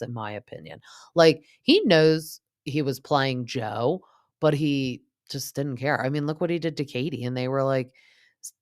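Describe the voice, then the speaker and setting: Low-voiced chatty woman recapping reality TV. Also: clean tone, no echo, clean studio sound. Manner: chatty and opinionated, lots of fillers; mimics cast members in quoted asides. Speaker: podcast host.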